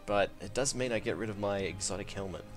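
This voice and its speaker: A man's voice: on the low side, quick pace. A man streaming a shooter game with friends, chatting casually and joking around, swearing now and then. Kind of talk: casual gaming chat. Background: game music.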